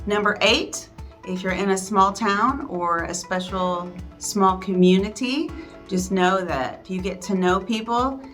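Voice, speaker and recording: A woman's voice: mid-range voice, measured pace, fairly bright tone. A woman, a real estate agent talking through casual advice for newcomers in a friendly, chatty way with self-deprecating asides. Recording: faint background music.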